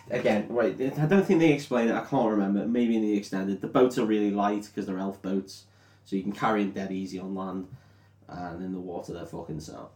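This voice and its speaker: A man's voice: fairly low pitch, brisk, a little mellow. A drunk young man, recapping a film in rambling, sweary casual chat, often unsure of details. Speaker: podcast co-host. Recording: roomy echo.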